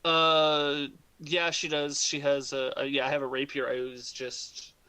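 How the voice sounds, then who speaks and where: Male player, bright sharp voice, hesitant with fillers. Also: fairly high pitch, level tone, a little slow, clear, resonant tone, poor audio. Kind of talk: casual tabletop game chat.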